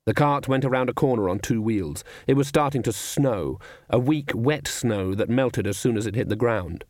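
A man narrating an audiobook in a measured, even reading with dry humour. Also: mid-range voice, no echo.

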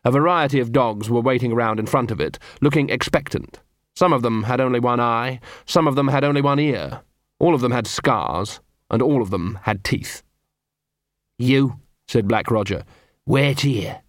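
A man reads a scripted audiobook narration in a steady, measured way. His voice sits in the mid range, and the studio-quality recording has no echo.

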